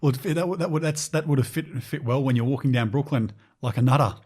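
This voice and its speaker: A man hosting a podcast, asking his guest brisk, encouraging questions. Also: medium pitch, darkish tone. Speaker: podcast host. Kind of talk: interview questions.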